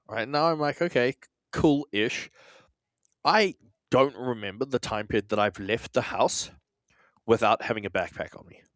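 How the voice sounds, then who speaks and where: With a fairly low pitch and fairly bright tone, and no room sound, a South African man co-hosts a podcast. His accent is Australian with South African traces, and he talks in a rambling, casual, self-deprecating way with some swearing.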